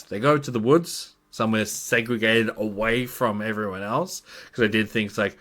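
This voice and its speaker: Brief: a low-voiced man as game master, giving a loose, rambling recap of a tabletop campaign. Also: fairly even intonation, normal speed, a bit bright. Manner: rambling, with many fillers.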